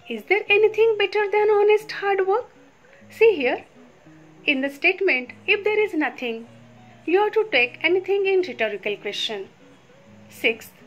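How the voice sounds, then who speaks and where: High-voiced woman teaching grammar. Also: muffled recording. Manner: slow, patient, repeats rules. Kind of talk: explaining grammar exercises step by step.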